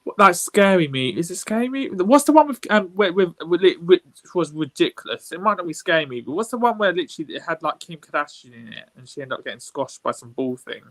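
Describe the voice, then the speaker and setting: A man's voice: high-pitched, big pitch swings, quick pace, few pauses. A man with a British accent chatting casually on a podcast, rambling through his thoughts and filling them with "like". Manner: rambling, heavy use of "like", gushing. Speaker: co-host.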